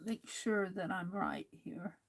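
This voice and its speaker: Slow-talking woman chatting while crafting. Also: mid-range voice, steady tone. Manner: slow, chatty, talks to herself while working. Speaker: craft livestream host. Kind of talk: casual crafting livestream talk.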